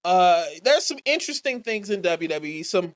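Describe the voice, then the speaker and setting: A woman's voice: lowish voice, lively intonation, normal speed. A woman co-hosting a wrestling podcast, talking bluntly and animatedly and swearing freely. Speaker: podcast co-host. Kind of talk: casual chat.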